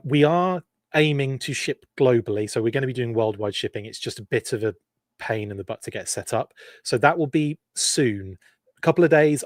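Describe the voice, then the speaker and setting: A man's voice: mid-range voice, no echo, clean studio sound. A man hosting a podcast live stream, chatting casually and self-deprecatingly as he reads out viewer comments and laughs often. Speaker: podcast host.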